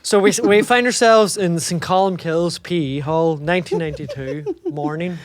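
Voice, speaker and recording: A man's voice: on the high side, moderate pace, no room sound. A man with a Northern Irish accent, a podcast host reading out stage directions in a chatty way that keeps breaking off into asides. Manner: chatty, self-interrupting, laughing.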